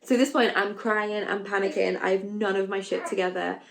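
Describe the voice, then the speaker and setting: A woman's voice: mid-range voice, steady tone, a little fast, gravelly, a crowd in the background. A young woman vlogger telling her own story frankly and casually, full of fillers and asides, acting out her own panicked quotes. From England. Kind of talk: candid storytelling vlog.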